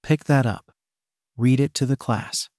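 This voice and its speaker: A stern, weary male teacher, as a man reading a story puts him on, giving clipped orders with no patience to spare. The voice sits at an ordinary middle pitch. The sound is dry and close. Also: unhurried, darkish tone, no room sound, close to an everyday voice. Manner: curt, no-nonsense orders.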